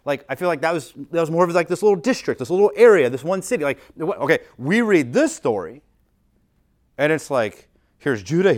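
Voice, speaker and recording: Conversational man preaching a sermon. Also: on the high side. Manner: conversational, animated preaching with many "like" fillers. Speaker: pastor. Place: church.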